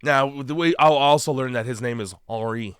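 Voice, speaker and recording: A man's voice: mid-range voice, normal speed, fairly bright tone, clean tone, dry recording, clean studio sound. A man co-hosting a casual movie-review podcast, profane and sarcastic, riffing on a bad film. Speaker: podcast co-host.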